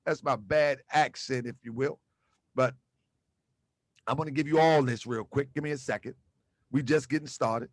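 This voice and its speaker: A channel host delivers exposé commentary on video clips in clean studio sound with no echo, his medium-pitched voice at normal speed with long pauses. He talks casually with slang, emphatic and repetitive, hammering points home with rhetorical questions.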